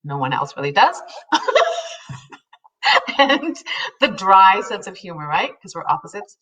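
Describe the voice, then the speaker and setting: Bright-voiced woman in her fifties, animated. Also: mid-range voice, measured pace, far from the mic, lo-fi sound. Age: 50s. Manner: animated storyteller, laughs often, acts out quotes. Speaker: co-host. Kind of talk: casual chat.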